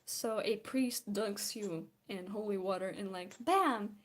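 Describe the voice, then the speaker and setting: A woman's voice: medium pitch, measured pace. A tired young woman from Belarus, rambling and giggling as she chats casually while drawing. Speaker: streamer.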